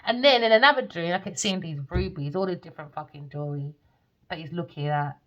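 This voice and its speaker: A woman's voice: fairly low pitch, brisk, highs cut off. Blunt, sweary woman. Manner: blunt, swears freely, animated. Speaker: tarot reader. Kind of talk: casual storytelling monologue.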